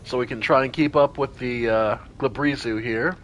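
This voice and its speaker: A man with a medium-pitched voice speaks at a normal speed over slight background noise. He streams a strategy role-playing game, casually narrating each party member's turn aloud and throwing in animated exclamations.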